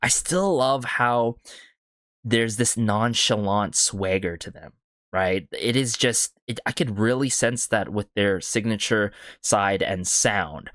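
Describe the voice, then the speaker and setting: A man's voice: lowish voice, slow pace, a bit bright, no echo, studio quality. A man hosting a K-pop reaction video, talking with enthusiasm and often checking in with the listener with "right?" and "you know what I'm saying?". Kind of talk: casual music reaction commentary. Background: faint music from the video being reviewed.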